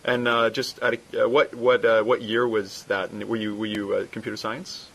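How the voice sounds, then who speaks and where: A man hosting a casual interview, halting and repeating words as he builds each question. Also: fairly low pitch, flat delivery, creaky, a bit bright. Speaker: interviewer, host.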